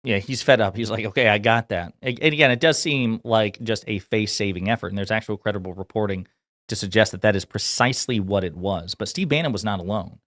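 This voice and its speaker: A man's voice: fairly low pitch, quick pace, fairly bright tone, dry recording, studio quality. A man from Kentucky giving casual political commentary in a blunt, sarcastic, profane way.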